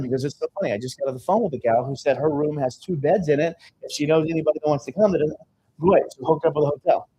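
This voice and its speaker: A man's voice: fairly high pitch, fast, mellow, husky, poor audio. A man speaking on stage at a live seminar, telling stories in a conversational way and often checking in with "okay?". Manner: conversational storytelling, frequent "okay?" check-ins. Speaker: seminar speaker and business coach. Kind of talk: live sales seminar talk.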